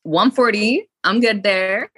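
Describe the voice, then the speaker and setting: A woman in her thirties, a podcast guest, chatting candidly with amused, lively talk. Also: mid-range voice, takes it slowly, slightly rough, no echo, clean studio sound. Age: 30s. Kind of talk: casual chat.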